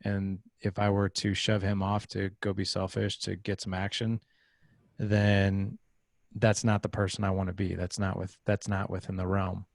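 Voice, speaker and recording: Gravelly-voiced man telling a story. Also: low voice, normal speed, dry recording, studio quality. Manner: animated storyteller acting out quoted voices. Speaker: podcast guest. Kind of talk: casual interview storytelling.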